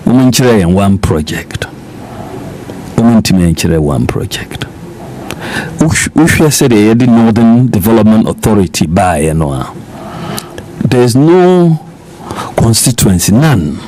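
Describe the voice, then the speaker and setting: Here a middle-aged Ghanaian-accented man speaks in a lowish, darkish voice over slight background noise. He is a politician guest in a radio interview, pressing his points emphatically, repeating them, and slipping into Twi.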